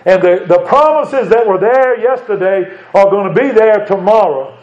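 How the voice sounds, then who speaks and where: High-voiced preacher, folksy sermon. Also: male voice, normal speed, darkish tone. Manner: conversational, asks rhetorical questions, chuckles now and then. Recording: dull lo-fi church recording.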